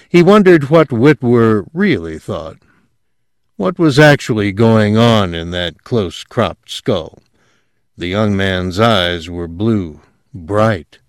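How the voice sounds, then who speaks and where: A man narrates a story in a measured, even manner. His voice sits low, and the recording is close and dry with no room sound. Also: no room sound. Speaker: audiobook narrator. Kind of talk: scripted narration.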